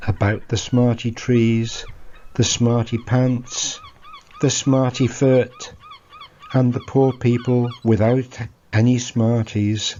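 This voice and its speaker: An English man tells a family story for church in an unhurried, mellow voice. He adds playful little asides to the children as he goes. The recording is dull and lo-fi, with faint background hiss. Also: mid-range voice, steady tone.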